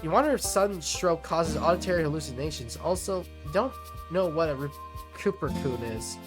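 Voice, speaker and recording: Animated rambling let's-play reader. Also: mid-range voice, moderate pace, over music. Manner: rambling, lots of fillers and restarts, self-amused. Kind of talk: reading a visual novel aloud with commentary.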